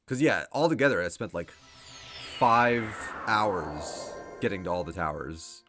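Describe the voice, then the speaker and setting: A man's voice: sits low, a little slow, over music. A man giving casual let's play commentary who thinks aloud, laughs often and swears freely. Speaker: game streamer.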